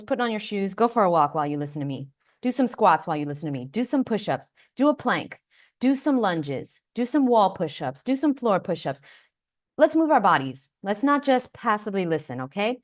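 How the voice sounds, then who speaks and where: This livestream host, a woman with a medium-pitched voice, keeps things casual on a close mic. Her talk is brash, playful and heavy on swearing as she chats with viewers directly.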